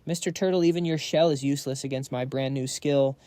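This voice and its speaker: A man's voice: medium pitch, steady tone, a little fast, warm tone, no room sound, close to an everyday voice. A man doing a cocky, teasing young fighter. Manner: teasing, playful. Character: cocky cheerful young male dragon fighter.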